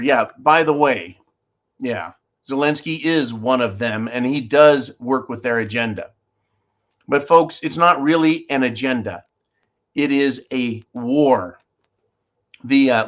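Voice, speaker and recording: A man's voice: medium pitch, lively intonation, a little slow, a bit bright. A man hosting his own show, giving sarcastic, combative commentary straight to his viewers. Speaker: show host. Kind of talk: opinionated commentary.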